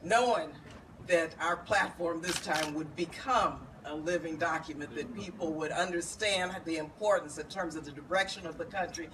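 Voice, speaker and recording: A woman's voice: deep voice, moderate pace. Woman hosting a reception, heard from afar. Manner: conversational, with wry laughs and fillers. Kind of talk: speech introducing speakers. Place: bar reception room, indoors. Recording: distant camera with background noise.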